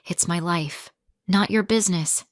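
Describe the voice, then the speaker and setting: A woman's voice: fairly low pitch, measured pace, no echo, studio quality, close to an everyday voice. A woman reading the lines of a stubborn young adult daughter in a graded story. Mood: defiant. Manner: stubborn, short replies.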